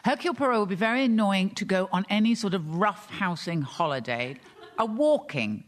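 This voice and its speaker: A man's voice: high-pitched, expressive, a little fast. A man speaking as a comedy panellist, rambling in a playful, self-mocking way. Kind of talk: improvised comic banter.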